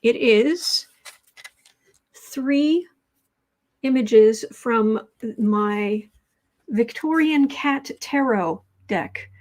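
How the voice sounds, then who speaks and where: A chatty woman from the United States hosts a casual home livestream, wandering through asides as she talks. Her voice sits somewhat high for a woman. She speaks into a fixed mic set off to one side of the room. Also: extremely slow, pauses often, darkish tone. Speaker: tarot livestream host.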